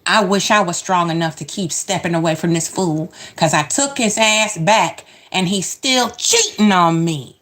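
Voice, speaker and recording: A woman's voice: lowish voice, a little slow, few pauses, a bit bright. A woman giving sassy, emphatic casual commentary as she reacts to show clips.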